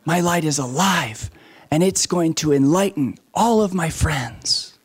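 Brief: a man playing a calm, reassuring teacher figure in a storybook. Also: a little high, a little slow, breathy edge. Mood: gentle. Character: gentle, reassuring male teacher risen from death.

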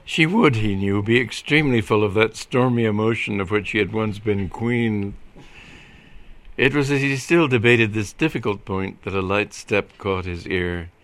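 A man reading a comic story aloud in a dry, measured style. His voice is fairly low with a bright, crisp edge. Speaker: reader.

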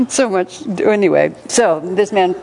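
A woman giving an informal spiritual talk to a group, telling stories warmly with frequent laughter and restarts. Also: medium pitch, animated, slow, gravelly. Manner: warm storytelling, laughs often, many restarts and fillers. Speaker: spiritual teacher.

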